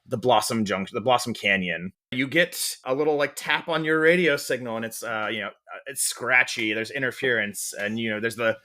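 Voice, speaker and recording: A man's voice: medium pitch, normal speed, sharp tone. A man acting as game master, describing the scene at length with lots of restarts and fillers. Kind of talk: narrating a tabletop game.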